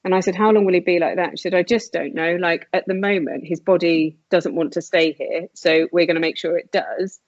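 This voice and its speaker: A woman with a fairly low voice tells a personal story as a podcast guest, lifting her voice to act out what people said. The recording is dull and lo-fi, with a dry, close sound. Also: steady tone, brisk, hardly any pauses, dry recording. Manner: earnest, re-enacts dialogue in a raised voice.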